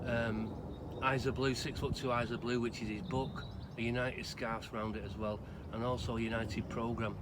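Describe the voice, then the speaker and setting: A grave-visiting vlogger from Salford, England, records outdoors in a cemetery, speaking at a middling pitch with a flat delivery. He tells his story and casual tribute in a loose, conversational ramble full of pauses, over clear outdoor noise and distant traffic.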